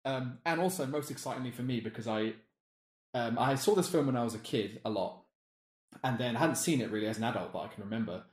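A man's voice: mid-range voice, fast, reverberant. A man chatting casually on a podcast, rambling and self-deprecating. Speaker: podcast co-host. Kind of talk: casual chat.

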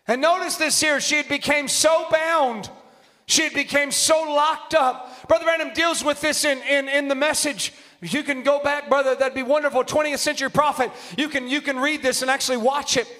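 A man's voice: very high-pitched, fairly even intonation, normal speed, bright, forceful tone. A man preaching a fervent, emphatic sermon in a church. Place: church sanctuary. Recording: long reverb of a large hall.

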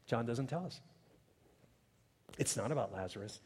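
A man's voice: mid-range voice, normal speed, pauses often, husky. Man preaching in an echoing church. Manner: animated preaching with rising emphasis and asides. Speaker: pastor. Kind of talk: sermon. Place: church sanctuary. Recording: long reverb of a large hall.

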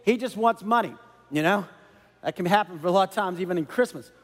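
A man preaching a sermon as a pastor, animated and conversational, with many asides to the congregation. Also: sits high, brisk, big-room sound.

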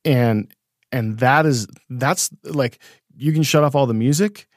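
A man's voice: medium pitch, unhurried, no echo, clean studio sound. A man co-hosting a casual conversation about faith and ministry, reflective, laughing easily and restarting his sentences as he thinks aloud. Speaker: podcast co-host.

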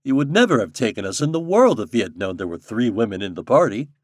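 A man voicing a tall, serious gentleman who frets and speaks with measured care. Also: medium pitch, very animated, dry recording, studio quality. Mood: uneasy. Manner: anxious, measured. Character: tall grave gentleman, worried and scrupulous.

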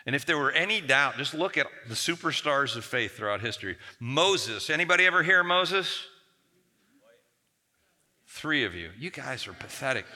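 A man pastor preaching a sermon to a congregation, acting out the whiny complaints of biblical figures in a raised voice. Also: sharp tone. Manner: acts out whiny biblical quotes in a raised pitch. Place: church hall. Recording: long hall reverb.

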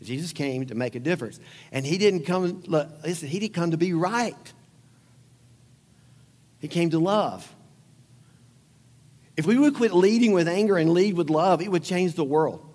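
A man's voice: on the high side, moderate pace, long pauses, a little mellow. A man preaching a sermon, talking conversationally with rhetorical questions and repeated lines for emphasis. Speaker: pastor. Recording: long hall reverb.

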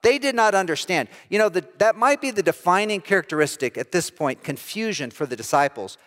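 A middle-aged man pastor preaching a sermon, telling a self-deprecating story with lively, animated delivery. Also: sits high, brisk, big-room sound. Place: church sanctuary.

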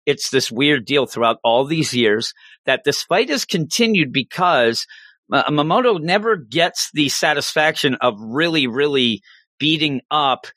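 Male co-host, animated and laughing, bright tone, dry close sound. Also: fairly high pitch, a little slow, no room sound. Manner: animated, laughing, acts out quotes. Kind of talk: casual chat recapping an episode.

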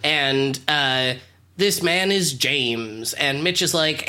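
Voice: mid-range voice, slow pace, pushed and bright. A podcast co-host in casual chat, recapping plot points in a hesitant way, with frequent ums and uhs.

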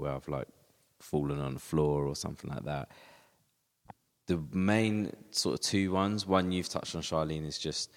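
A man co-hosting a faith podcast who also preaches at church, speaking in a reflective, measured way as he thinks aloud. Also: rumbling low. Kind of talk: casual faith conversation. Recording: long reverb.

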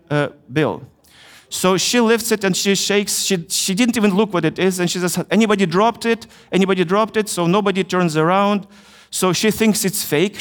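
A middle-aged man from Ukraine with a Ukrainian accent, telling a story in a chapel sermon with earnest pauses and hesitations. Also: high voice. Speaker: chapel speaker. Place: university chapel. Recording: long hall reverb.

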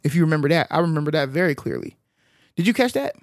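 Man, casual film recap, lively storytelling, lots of ums, slightly high voice. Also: fast talker, no room sound. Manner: animated storyteller with many filler sounds. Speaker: podcast co-host recapping a film.

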